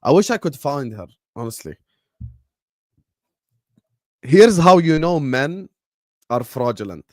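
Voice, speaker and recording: A young man hosting a football watchalong stream, chatting casually in a rambling, joking way with slang and swearing, sometimes mumbling low in mock sadness and sometimes shouting at the match. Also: big pitch swings, slow, long pauses, no echo, clean studio sound. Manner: drops to low mock-sad mumbles, then loud bursts at match action. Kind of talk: casual live-stream chat.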